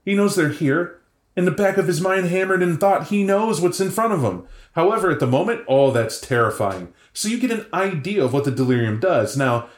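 A man talking casually and at length about tabletop role-playing lore, rambling and animated. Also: fairly high pitch. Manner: animated, rambling, acts out voices. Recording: echoey room.

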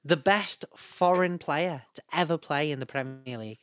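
A man co-hosting a podcast in casual, jokey chat, often trailing off quietly. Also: on the high side, moderate pace, no room sound. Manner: jokey, trails off softly at ends of lines. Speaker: podcast co-host.

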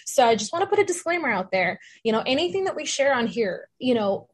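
A woman life coach talks as a guest in a casual interview. She sounds earnest and encouraging, explaining things carefully. Her voice is a little higher than most women's. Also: big pitch swings, fast.

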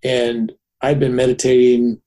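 An older man recounting a long personal story as an interview guest, animated and rambling, often tagging his sentences with "right?". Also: mid-range voice, a little slow.

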